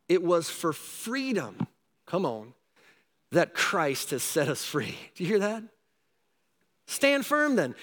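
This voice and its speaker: A man preaching a sermon, animated, with rising shouts and repeated calls to his listeners. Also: sits high, in a large hall. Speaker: pastor.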